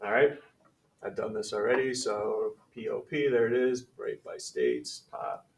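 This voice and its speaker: A man's voice: on the low side, big pitch swings, measured pace, creaky, recorded from a distance. A man teaching a math class. He sounds conversational and upbeat as he calls on students by name. The voice sits a little away from the mic, and the classroom echoes around him. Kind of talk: classroom lesson.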